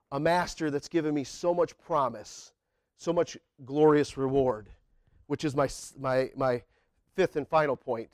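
A man preaching a sermon in church, colloquial and animated, his voice climbing toward near-shouts when he acts out prayers. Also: fairly high pitch, no echo, clean studio sound. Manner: colloquial, says y'all and man. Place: church sanctuary.

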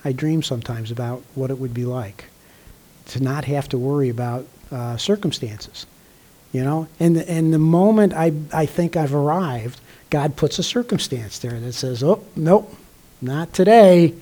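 An older man, a pastor, delivering a conversational sermon with frequent throat clearing and fillers. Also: medium pitch, normal speed, dark tone.

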